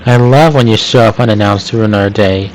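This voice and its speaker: A man's voice: fairly low pitch, a little fast, darkish tone, slight background noise, close to an everyday voice, rough recording. A man voicing a sarcastic, brassy mom in an amateur reading of a cartoon fan script. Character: sarcastic middle-aged mom, brassy and teasing. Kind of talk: amateur script read-aloud.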